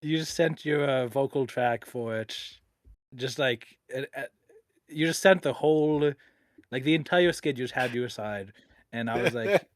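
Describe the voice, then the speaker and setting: A man's voice: medium pitch, no echo, clean studio sound. A man hosting a casual podcast interview, full of fillers and restarts, often chuckling. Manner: halting, filler-heavy, chuckling. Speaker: podcast host.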